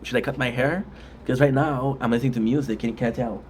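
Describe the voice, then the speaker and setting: A man's voice: mid-range voice, steady tone, quick pace, a little mellow, a little hiss or hum. A man chatting casually on a live stream while eating spicy food, rambling with restarts and frequent mm sounds.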